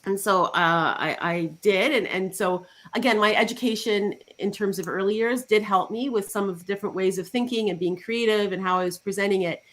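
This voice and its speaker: A woman's voice: mid-range voice, fairly quick, hardly any pauses. A woman life coach, a guest on a talk show, chatting casually and telling client stories with acted-out quotes. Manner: animated storytelling with acted quotes. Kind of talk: casual interview chat.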